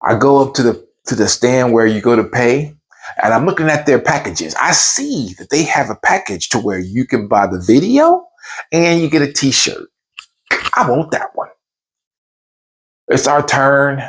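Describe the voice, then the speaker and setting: A man's voice: medium pitch, unhurried, slightly rough. A man telling a funny personal story, acting out the voices in it. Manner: animated, acts out the voices in his stories.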